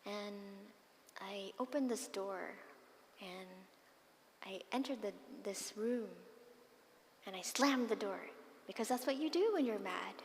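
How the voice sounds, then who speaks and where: A woman Buddhist nun giving a dharma talk, telling personal stories expressively with soft, breathy asides. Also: mid-range voice, takes it slowly, long pauses, a little hiss or hum. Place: monastery meditation hall. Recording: long hall reverb with faint ambience.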